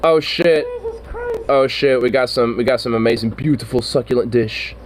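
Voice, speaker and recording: A man's voice: medium pitch, moderate pace, slight background noise, rough recording. A young man hosting a reaction video, rambling and swearing in a slangy, laughing way. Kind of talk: casual reaction commentary.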